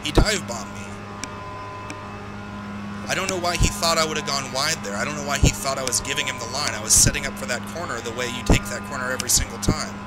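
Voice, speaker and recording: A man's voice: mid-range voice, quick pace. A man streaming a racing game, talking to himself while driving and grumbling about a crash. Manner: talks to himself while driving, frustrated and ranting. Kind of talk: live gameplay commentary. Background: loud music.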